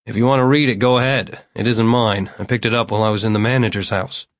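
Guy playing a tired terse loner, short flat answers, dry close sound. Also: on the low side, fast talker, no room sound, lightly acted. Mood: weary. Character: weary, terse, guarded slight man.

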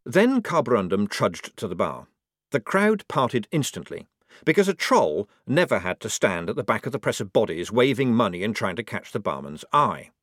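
A man narrating a comic fantasy audiobook in a measured, dry, expressive way. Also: on the low side, no room sound.

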